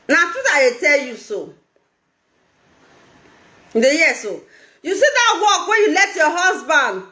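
A Nigerian woman talking on a casual live video, animated and laughing, mixing in pidgin. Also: high voice, reverberant. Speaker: social media vlogger.

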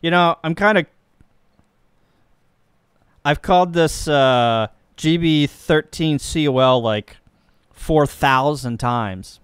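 A man from Missouri talks slowly in a smooth, clear voice, rambling and cracking easygoing jokes as he operates his ham radio. It is a dry, close recording with no room sound. He sounds like an amateur radio hobbyist thinking aloud on a casual live stream. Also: fairly high pitch, no room sound. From Missouri, USA.

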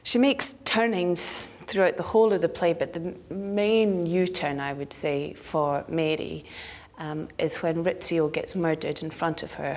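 Low-voiced actress. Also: female voice. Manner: reflective, thinking aloud, sometimes dropping to a near whisper. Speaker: stage actress, interviewee. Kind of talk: interview about her role.

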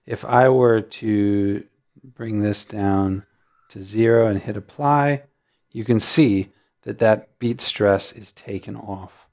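A man hosting a music notation software tutorial, explaining settings in a relaxed way with frequent ums. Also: on the low side, slow. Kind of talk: screen-recorded software tutorial.

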